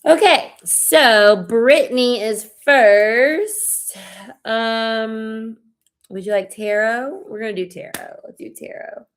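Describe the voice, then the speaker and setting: A woman's voice: fairly high pitch, slow. A woman giving a live tarot reading, sad and near tears, talking in a heartfelt, emotional way. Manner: emotional, heartfelt, spiritual pep-talk. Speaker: tarot reader.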